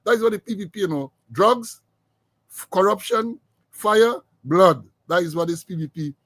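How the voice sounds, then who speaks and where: A man's voice: sits high, lively intonation, normal speed, fairly bright tone, no room sound. A middle-aged man hosting a show of political commentary, emphatic and repeating phrases for weight. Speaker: podcast host.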